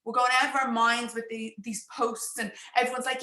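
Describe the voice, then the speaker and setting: A woman business coach talking quickly and chattily on a livestream, speaking straight to her viewers. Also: fairly high pitch, flat delivery, bright, forceful tone, echoey room. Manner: fast-talking, chatty, addresses viewers directly. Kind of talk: live-streamed social media coaching talk.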